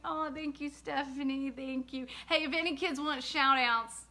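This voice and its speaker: A woman, an author, hosting a casual livestream and chatting with viewers, giving shout-outs and laughing asides. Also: sits high, fairly even intonation, unhurried, few pauses. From lived in the US state of Georgia.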